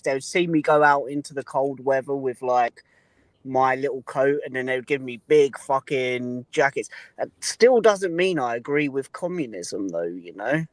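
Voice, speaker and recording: A man's voice: mid-range voice, no echo. A man in a casual argument on a livestream, pushing back and interrupting with profane, repeated questions.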